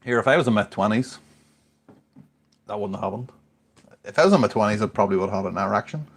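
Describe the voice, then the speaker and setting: A podcast regular in his forties talks fast in a low, slightly rough voice. He's a bit tipsy on beer and rambles through a sweary story in casual chat.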